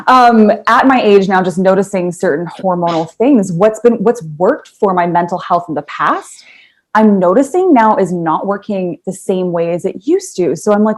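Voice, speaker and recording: Expressive, confiding female co-host. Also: medium pitch. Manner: expressive, confiding, quick to laugh. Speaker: podcast co-host. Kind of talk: casual podcast conversation.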